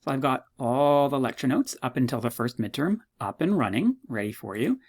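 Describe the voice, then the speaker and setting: A man teaching a university psychology course, walking students through his course website in a chatty, self-mocking way, full of jokey asides and sudden jumps in pitch. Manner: quick, animated delivery with sudden pitch jumps. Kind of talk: recorded course walkthrough lecture.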